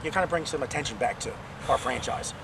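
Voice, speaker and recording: An amateur actor playing a short-fused male football coach who yells, swears and threatens. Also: medium pitch, fast talker, creaky, close to an everyday voice. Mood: angry. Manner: yelling, profane, threatening. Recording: loud street noise, distant mic.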